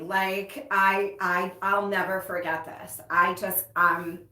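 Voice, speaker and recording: A woman's voice: medium pitch, level tone, slow pace, few pauses, sharp tone. A woman hosting a casual livestream, talking to her viewers frankly and emotionally and swearing casually. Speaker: livestream host, recovery coach. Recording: roomy echo, distant mic.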